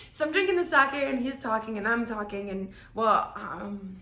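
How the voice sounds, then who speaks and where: Brief: young woman podcast host, rambling storyteller, slightly high and bright, in a roomy echo. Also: fairly quick, few pauses, a little hiss or hum. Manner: chatty, rambling, heavy use of "like". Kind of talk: casual storytelling.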